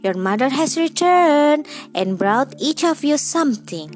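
A cunning wolf, as a woman narrator puts him on, pitching his voice up to sound sweet and motherly. He coaxes and wheedles at the door. Gentle music sits behind the storybook reading. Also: expressive, a little slow. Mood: coaxing. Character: sly big bad wolf faking sweetness.

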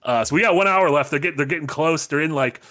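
A man's voice: fairly high pitch, fast talker. A man co-hosting a casual podcast, eagerly recapping a TV series with plenty of fillers. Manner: enthusiastic, animated recapping. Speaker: podcast co-host. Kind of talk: casual chat.

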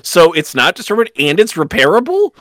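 A man's voice: high voice, moderate pace, no echo, studio quality. A man co-hosting a casual podcast chat, ranting in disbelief and swearing freely. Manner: animated, incredulous rants with swearing. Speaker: podcast co-host.

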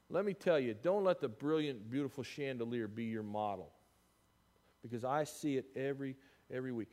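A man preaching a sermon, telling a story to his congregation, with loud bursts and hushed asides. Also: medium pitch, expressive, a little fast, long reverb tail. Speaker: pastor. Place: church sanctuary.

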